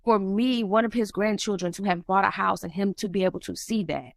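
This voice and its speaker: A woman's voice: fairly quick, gravelly, no room sound. A woman, telling an emotional personal story on a podcast and acting out the people she quotes. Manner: animated, acts out quoted dialogue with rising pitch. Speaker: podcast host.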